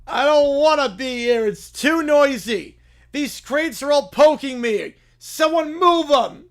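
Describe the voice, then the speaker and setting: A man's voice: very high voice, lively intonation, pitched above the performer's own voice, exaggerated voice. A man voicing a whiny, bratty, scared cartoon bear-child who complains nonstop. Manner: whining, complaining, drawn-out.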